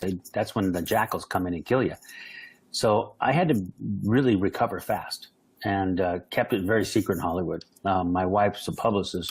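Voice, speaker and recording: A man's voice: lowish voice, slightly rough, rough recording. A man telling stories in an interview, acting out the voices of people he quotes. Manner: animated, acts out quoted voices. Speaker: guest. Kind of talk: storytelling interview.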